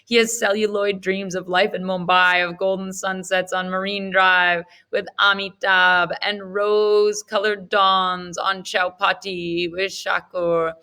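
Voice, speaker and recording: A woman reading a novel aloud in the first person, in a measured, even storytelling manner. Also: medium pitch, clean tone. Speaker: audiobook narrator.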